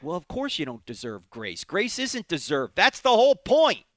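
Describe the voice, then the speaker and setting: A man teaches a Bible passage on a radio show. His high voice swings widely and rings bright as he questions the listener and answers himself. The sound is close and dry, with no room around it. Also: wildly swooping pitch, normal speed, hardly any pauses, no room sound. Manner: emphatic, asks and answers his own questions.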